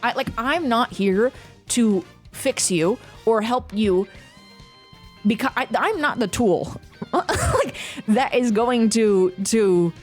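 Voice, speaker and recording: This thirty-something streamer takes her time, her slightly high voice moving slowly over soft background music. She's chatting casually, ranting through an animated story laced with frequent profanity.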